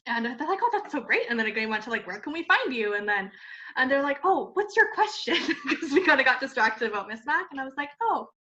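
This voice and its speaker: Chatty woman founder telling a story, lots of "like", laughs a lot, bright voice, kinda muffled. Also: high-pitched, fast talker. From Canada. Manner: animated, laughing often, many "like" fillers. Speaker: cosmetics company founder, guest. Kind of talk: casual storytelling in an interview. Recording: muffled lo-fi sound.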